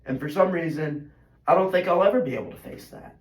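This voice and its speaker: A teenage boy and high school golfer venting in a frustrated, self-critical ramble full of restarts. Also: brisk. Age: teens. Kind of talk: emotional venting monologue. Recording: roomy echo.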